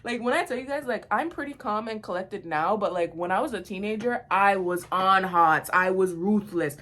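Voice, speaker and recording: A woman in her twenties telling a storytime vlog in a blunt, slangy, animated way. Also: mid-range voice, normal speed. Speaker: vlogger.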